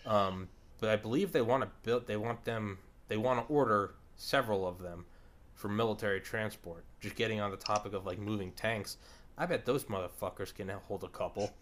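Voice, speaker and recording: A man's voice: fairly low pitch, normal speed, fairly bright tone. A man hosting a podcast in casual chat. He rambles and swears with enthusiasm. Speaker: podcast host.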